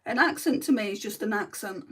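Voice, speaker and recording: A woman's voice: mid-range voice, animated, a little fast, fairly bright tone, husky, distant mic. A woman with a Lancashire accent chatting bluntly to live viewers while she does her makeup. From North West England. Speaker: makeup livestreamer. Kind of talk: casual chat while doing makeup.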